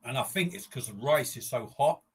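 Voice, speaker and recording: A man's voice: mid-range voice, animated, fairly quick, breathy edge. An older man, chatting casually on a live eating stream, breathless and rambling with his mouth burning from chilli, sweating and sniffling. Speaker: livestream host.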